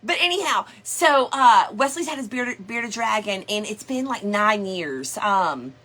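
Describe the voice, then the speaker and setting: A woman's voice: medium pitch, expressive, unhurried, bright, forceful tone. A middle-aged woman chatting casually on a craft livestream, greeting viewers by name in a folksy way.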